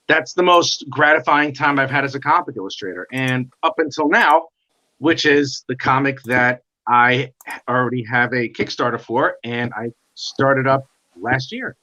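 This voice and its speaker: A middle-aged man telling his life story in a casual interview, animated and acting out the voices of others. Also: medium pitch. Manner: animated, acts out quoted dialogue. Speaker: guest comic artist. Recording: dull lo-fi sound.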